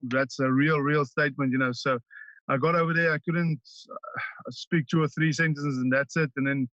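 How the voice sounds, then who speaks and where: A South African man, a native Afrikaans speaker, chatting casually as a rugby player guest, halting with many ums and restarts. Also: a little high, steady tone, fairly bright tone, no echo. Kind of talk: casual interview chat. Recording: dull, dry lo-fi line.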